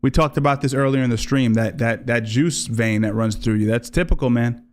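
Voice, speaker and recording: A man's voice: medium pitch, fairly quick. A man hosting a livestream, reacting to clips in a rambling, casual way, often correcting himself and swearing. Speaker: livestream host.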